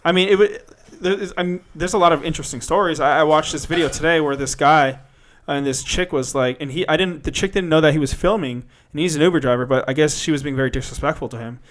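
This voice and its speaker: A man's voice: a little high, fast talker. A young man co-hosting a casual podcast chat, rambling with many fillers and telling stories with animation.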